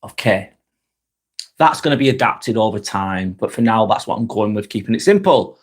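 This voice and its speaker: A man's voice: lowish voice, expressive, moderate pace, breathy edge. A man with a Lancashire accent hosting a casual live stream, chatting with viewers, thanking them by name and calling people "mate". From Northwest England. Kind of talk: casual live-stream chat reading comments.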